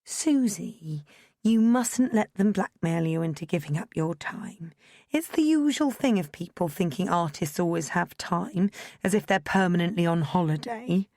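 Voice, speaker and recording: A woman reading the part of a brisk, practical older mother in an audiobook, speaking in a matter-of-fact, unsentimental way. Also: fairly low pitch, animated, a little mellow, dry recording, clean studio sound.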